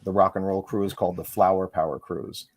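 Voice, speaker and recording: A middle-aged man, a musician and author, chatting as an interview guest, rambling quickly through stories with lots of fillers. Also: low voice, steady tone, no room sound. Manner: fast, rambling storyteller with frequent fillers. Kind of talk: casual interview chat.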